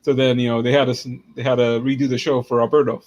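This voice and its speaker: A man's voice: mid-range voice, level tone, a little mellow. A man co-hosting a casual podcast chat in a teasing way. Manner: teasing, quick. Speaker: podcast co-host.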